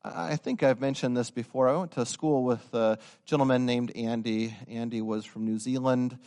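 A young man preaching a sermon, telling stories and building to loud, emphatic insistence. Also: mid-range voice, fairly even intonation, normal speed. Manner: storytelling, swelling to emphatic raised-voice insistence.

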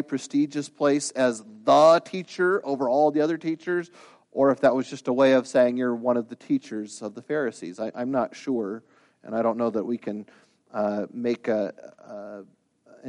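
A man's voice: mid-range voice, a little mellow. A man preaching a sermon as pastor. He talks in an earnest, conversational way, then builds to emphatic, rising bursts. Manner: conversational asides with restarts.

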